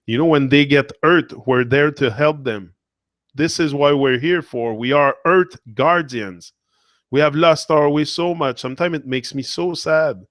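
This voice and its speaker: A man's voice: on the high side, measured pace, a bit bright, dry recording. Earnest man in a dry monologue. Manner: earnest, repetitive, emotional. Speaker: motivational speaker. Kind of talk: impassioned monologue.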